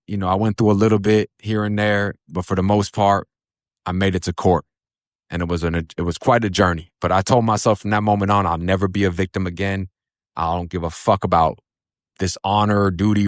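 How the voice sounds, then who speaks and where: A man's voice: sits low, no room sound, studio quality. A man telling his own story in a casual, blunt, profane way of talking, slipping into acted voices when he quotes others. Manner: blunt, profane street talk. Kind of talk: casual first-person storytelling.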